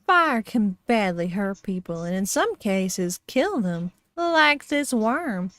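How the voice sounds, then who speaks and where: A woman's voice: mid-range voice, sing-song, slow, a bit bright, no room sound. A woman voicing a cheerful, menacing male puppet from a children's show, in a sing-song children's host tone.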